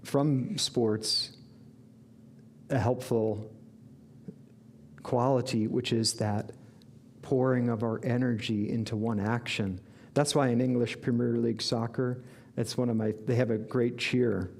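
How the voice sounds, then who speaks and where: A man speaking slowly and deliberately as a spiritual teacher, earnest and reflective. His voice sits at a middle pitch for a man, and he warms into lively bursts of enthusiasm. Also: creaky, slight background noise. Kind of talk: inspirational sermon.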